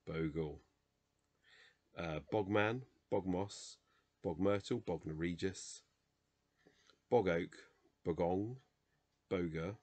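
A deep, warm-toned man sounds weary as he reads dictionary entries aloud late at night in a casual solo vlog. He halts, trips over pronunciations and mutters asides while correcting himself.

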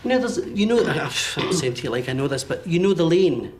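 A man working as a medium, giving a one-to-one reading in halting bursts with frequent checks like "okay?". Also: fairly high pitch, very animated, a little mellow. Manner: hesitant, relays messages in bursts with many okays.

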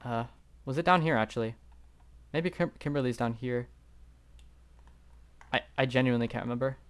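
Thinking out loud over a geography guessing game, the young man doubts his own guesses and drifts into rambling and fillers during this live commentary from his desk mic. His middle-pitched voice is clear and resonant, at a moderate pace.

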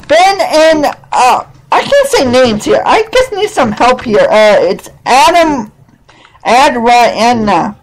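A man from Wisconsin hosting a casual live internet radio show, excitable and stumbling over guests' names. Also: extremely high pitch, rough recording. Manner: addresses audience as ladies and gentlemen.

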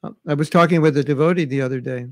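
A man's voice: a little high, very fast, darkish tone, dry recording. A man giving a spiritual class, talking conversationally and reciting verses in Bengali and Sanskrit. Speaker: spiritual teacher. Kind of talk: scripture class lecture. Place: recorded at home during travel restrictions.

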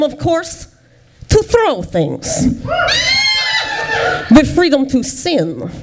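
A woman's voice: high-pitched, darkish tone. A woman on stage giving a hammy, pompous mock speech as a contestant. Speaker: storytelling contestant.

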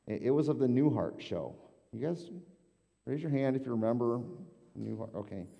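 A man's voice: medium pitch, normal speed, creaky, lo-fi sound. A male pastor preaching a casual, conversational sermon in a church sanctuary, often repeating words as he thinks. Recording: long church hall reverb.

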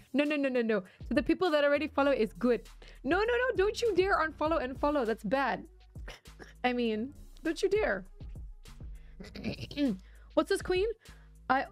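Woman streamer, higher voice, casual and giggly, chatting with viewers. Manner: chatty, laughs often, reads chat aloud. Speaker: livestreamer.

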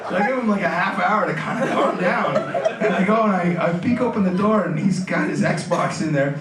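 A man on a convention panel telling a comic anecdote, animated and laughing as he goes. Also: sits high, fairly quick. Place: large convention hall. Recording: echoey convention hall from far off with crowd. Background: crowd audience.

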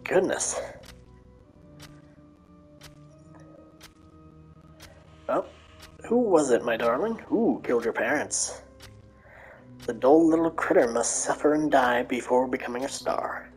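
A sinister monster that feeds on suffering, taunting its victim in a slow menacing manner, as a woman puts it on for a game. The voice sits extremely low and gravelly. Faint game music plays behind it. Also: expressive, a little mellow, poor audio. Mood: gloating. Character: sinister gloating male monster.

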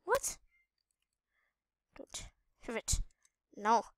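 On her gaming channel, a woman gives excitable live gameplay commentary, squealing and shrieking at danger and making chatty asides to viewers. Her delivery is extremely slow, and the recording is dry.

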